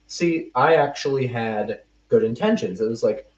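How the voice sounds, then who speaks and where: Chatting with friends on his podcast, a young man from the US spins a meandering story at his own expense, breaking off and restarting sentences. He has a medium-pitched, expressive, somewhat dark voice and a moderate pace. A far-off, muffled mic in a reverberant room captures him.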